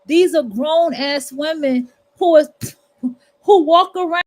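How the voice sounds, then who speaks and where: A woman talks straight at her listeners in a loose livestream monologue. Her voice sits high, and her delivery is blunt, profane and preachy. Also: takes it slowly, a little mellow. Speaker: livestream host. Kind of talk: casual monologue.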